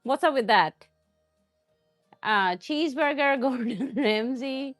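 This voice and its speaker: A woman's voice: sits high, expressive, moderate pace, soft background music. A woman hosting a cooking live stream, chatting casually and answering viewer comments with frequent laughs. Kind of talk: casual chat while cooking.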